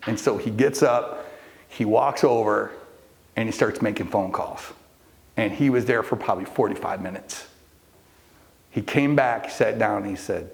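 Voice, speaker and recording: A man's voice: lowish voice, moderate pace, gravelly, pauses often. A middle-aged man coaching a live group, telling a long story with fillers and restarts and acting out the people in it. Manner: storytelling, acts out quoted people. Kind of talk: motivational talk to a live group.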